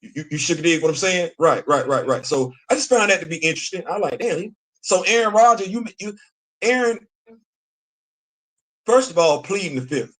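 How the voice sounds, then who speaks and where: A man's voice: high-pitched, lively intonation, normal speed, a bit bright. A middle-aged man hosting a live commentary stream, talking casually, repeating himself for emphasis and answering his chat. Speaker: show host.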